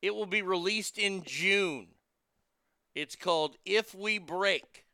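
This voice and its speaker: Brash male talk host, bright smooth voice, dry close sound, profane and mocking. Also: high-pitched, takes it slowly, no room sound. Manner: brash, profane, laughing at his own jokes; reads news items aloud and riffs on them. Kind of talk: casual political commentary.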